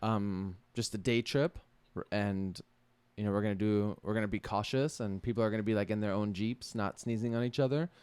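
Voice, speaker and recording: A man's voice: lowish voice, brisk, clean tone, dry recording. A man co-hosting a podcast in casual, jokey chat, rambling through ideas with filler words. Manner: jokey, rambling, lively intonation. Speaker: podcast co-host.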